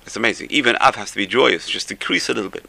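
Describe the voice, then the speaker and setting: A man, a rabbi, giving an animated Torah class, telling stories and mixing in Hebrew phrases. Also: on the low side, very fast, vocal fry.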